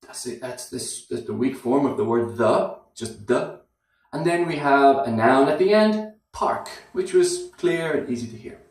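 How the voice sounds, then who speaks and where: A man teaching English pronunciation, who repeats words and phrases slowly to demonstrate how they sound. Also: mid-range voice, lively intonation. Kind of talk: slow, deliberate teaching. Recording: very echoey room, somewhat far from the mic.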